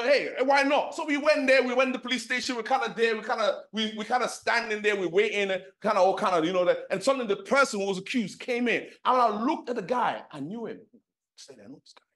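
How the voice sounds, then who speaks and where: A middle-aged man from London preaching a sermon, telling a personal story with lively acted-out dialogue and many fillers. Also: high voice. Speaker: pastor.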